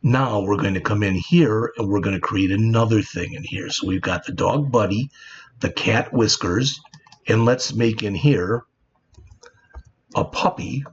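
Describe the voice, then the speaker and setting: At a measured pace, a man with a low, slightly rough voice explains programming plainly in a screen-recorded tutorial, frequently saying "all right." The audio is dull lo-fi with faint background noise.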